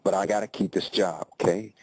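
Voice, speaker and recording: A man's voice: deep voice, steady tone, fairly quick, a little mellow, no echo, poor audio. A man voicing a worried young male worker who pleads to keep his job.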